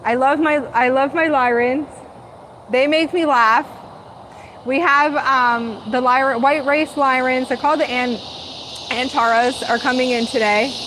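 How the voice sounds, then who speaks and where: A woman's voice: high-pitched, fairly even intonation, a little slow, background noise. A woman hosting a live spiritual channeling talk, speaking in a dreamy, rambling, gushing way.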